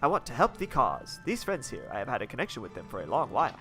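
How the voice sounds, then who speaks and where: Earnest village father read by a man, formal, plain reading, bright tone. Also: medium pitch, huge pitch swings, fast talker, faint music behind, full character voice.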